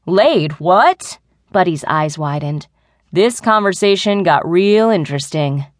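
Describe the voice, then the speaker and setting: A woman narrating an adult audiobook in the first person with an even storytelling delivery. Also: lowish voice, a little slow, no echo, studio quality.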